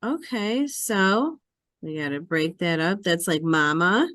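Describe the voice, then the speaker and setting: A woman's voice: on the low side, expressive, slow pace, a bit bright, no echo, studio quality. A woman who teaches Hebrew, explaining a reading lesson step by step in a patient, repetitive classroom manner.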